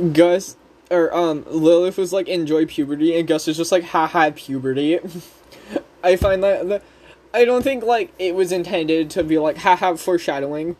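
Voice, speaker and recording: Slow, rambling chatty recapper. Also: medium pitch, a little mellow. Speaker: show recap host. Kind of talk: casual episode recap.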